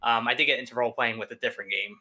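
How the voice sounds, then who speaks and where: A man's voice: medium pitch, steady tone, rapid-fire, pushed and bright. A young man, a guest on a gaming podcast, telling stories in a laid-back way, full of fillers and easy laughs. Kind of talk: casual chat.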